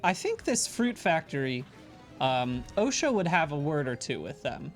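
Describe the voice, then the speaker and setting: A woman co-hosting a game stream, chatting in a relaxed, hesitant way with many fillers. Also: low voice, a little slow, faint music behind. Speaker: co-host. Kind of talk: casual gameplay chat.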